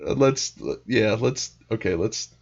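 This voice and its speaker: A man's voice: fairly low pitch, measured pace, husky, lo-fi sound. A man co-hosting a casual tabletop-gaming podcast chat, who laughs often and swears casually. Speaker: podcast co-host.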